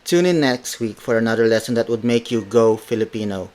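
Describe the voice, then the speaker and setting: A man hosting a podcast, teaching words slowly and patiently, repeating each phrase several times and spelling it out letter by letter. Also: medium pitch, darkish tone. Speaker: podcast host teaching Tagalog. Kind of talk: slow language lesson with repeated drills. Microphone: podcast mic.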